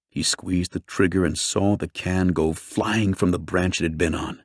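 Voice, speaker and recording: Brief: male audiobook reader, low voice, dry close mic, steady measured delivery. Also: no echo. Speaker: audiobook narrator. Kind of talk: scripted narration.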